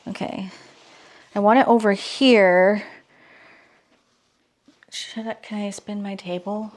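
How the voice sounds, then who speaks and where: A woman talking casually to her viewers in a vlog, excitable and gushing, with nervous exclamations. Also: mid-range voice, takes it slowly, long pauses. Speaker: vlogger. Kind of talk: casual unboxing vlog talk.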